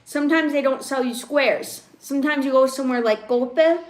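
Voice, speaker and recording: A high-pitched woman chatting on a casual live stream from her rural home. She talks in an easy, rambling way and breaks into laughter often as she reacts to viewers' comments. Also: a little fast, few pauses. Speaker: livestream host. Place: home in rural western Mexico.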